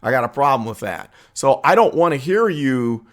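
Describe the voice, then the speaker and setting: A man hosting his own political commentary vlog, talking earnestly and conversationally with frequent uh and um pauses. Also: mid-range voice, big pitch swings. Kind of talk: opinion vlog monologue.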